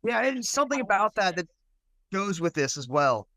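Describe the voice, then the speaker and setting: A man with a high voice co-hosts a casual podcast, rambling and hesitant, often restarting his sentences. The sound is dry and close. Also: very animated, moderate pace, bright, forceful tone, no echo. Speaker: podcast co-host. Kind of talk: casual discussion.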